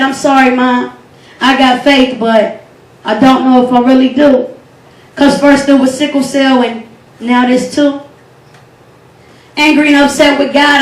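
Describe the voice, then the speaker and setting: High-voiced woman performing spoken word. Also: recorded from a distance. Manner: rhythmic, earnest and devotional delivery. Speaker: poetry slam host and poet. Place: event hall. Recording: echoey hall recorded from afar.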